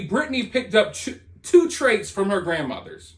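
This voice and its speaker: A man's voice: sits high, sing-song, normal speed, few pauses. A man hosting a commentary channel, delivering a sarcastic, dismissive and rambling opinion monologue.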